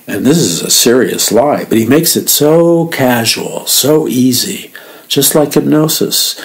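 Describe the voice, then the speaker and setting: A man hosting a radio Bible teaching, earnest and emphatic, repeating words as he explains and reading verses quickly between slower commentary. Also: medium pitch, gravelly, low-quality recording. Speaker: radio minister and host.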